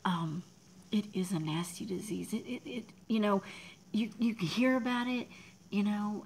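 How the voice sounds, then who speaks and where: A woman, chatting casually on a livestream, emotional and soft, often dropping to a near whisper as she thanks viewers in chat. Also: mid-range voice, measured pace, creaky, a little hiss or hum, poor audio. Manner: emotional, talks softly, drops to near whispers. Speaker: livestream host.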